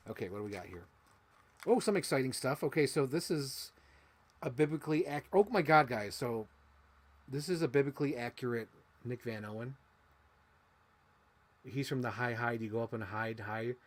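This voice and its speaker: A young man vlogging to camera, chatting excitedly about his childhood toys, swinging from loud squeals to quiet mumbles and swearing casually. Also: mid-range voice, moderate pace, long pauses. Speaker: toy unboxing vlogger.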